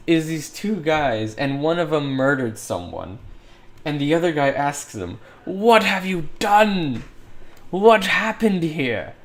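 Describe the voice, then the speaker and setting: Working on a 3D model during a livestream, a man with a somewhat high, slightly mellow voice chats casually. He rambles, thinks out loud and laughs frequently.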